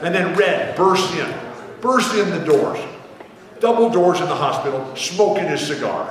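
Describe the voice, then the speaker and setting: A man in his sixties, a guest author telling rambling, animated anecdotes to a live theater audience, acting out the people he quotes. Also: high-pitched, moderate pace, recorded from a distance, a crowd in the background. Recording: echoey hall, mic heard from afar.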